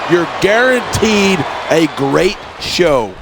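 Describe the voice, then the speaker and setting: Cocky wrestling game commentator, highish voice, roaring crowd and loud game noise. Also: male voice, very animated, takes it slowly, gravelly, exaggerated voice. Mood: grumbling. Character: opinionated male ex-champion commentator, cocky. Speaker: color commentator.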